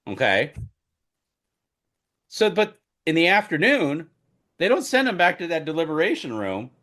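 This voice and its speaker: On a casual podcast, a male co-host speaks a little slowly while sharing lively stories of covering a trial as media. His voice booms and grows loud whenever excitement takes over.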